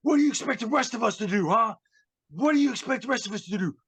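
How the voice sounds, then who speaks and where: A man imitating a loud, furious male wrestler ranting backstage, in a brash, high-pitched voice. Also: animated, fast, slightly rough, heavily acted. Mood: angry ranting.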